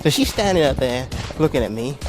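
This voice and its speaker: A young stand-up comedian with a medium-pitched voice speaks a little fast as he performs a self-deprecating routine on stage at a ball. He tells stories in an animated way, slipping into acted-out voices, with music playing in the background.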